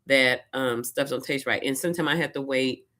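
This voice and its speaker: Very low-voiced woman telling a story. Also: normal speed. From Louisiana. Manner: chatty, animated retelling with quoted asides and laughs. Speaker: vlogger. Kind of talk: casual personal storytelling.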